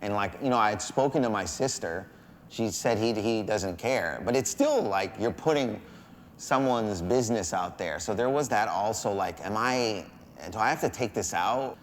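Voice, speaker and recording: Lowish guy thinking out loud in an interview, lots of likes and ums, reverby room, faint hum behind. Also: lively intonation, moderate pace. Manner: thoughtful and hesitant, with fillers. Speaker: comedian interviewed about his special. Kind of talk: reflective interview.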